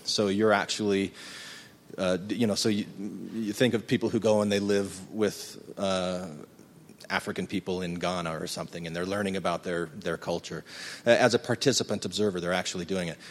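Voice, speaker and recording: A middle-aged man telling a reflective personal story to a live audience, earnest and halting, thinking aloud as he speaks. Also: deep voice, steady tone, a little hiss or hum. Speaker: speaker recounting his folklore research. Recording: long hall reverb.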